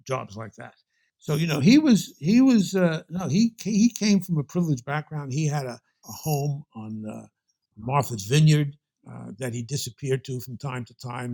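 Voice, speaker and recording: An older man with a Brooklyn accent is a guest in a storytelling interview, spinning anecdotes loosely and rambling, often restarting phrases and piling on asides before reaching his point. His voice is medium-pitched and a little mellow.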